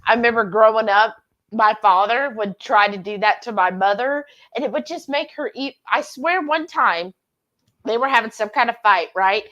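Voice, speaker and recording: A woman's voice: on the high side, normal speed, fairly bright tone, lo-fi sound. A woman hosting a casual live-stream chat, reading out comments and telling stories with frequent laughter. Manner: giggly, chatty storyteller. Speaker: host.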